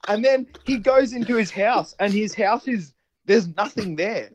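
A man recounting a film plot in rambling, animated casual chat, swearing freely. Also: sits high, unhurried, background noise.

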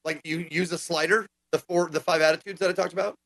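An animated, foul-mouthed man in casual chat, acting out quotes as he goes. His voice sits high and bright. The sound is dry and close. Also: fast talker, gravelly, no room sound. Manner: animated, profane, acts out quotes. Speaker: gaming podcast co-host.

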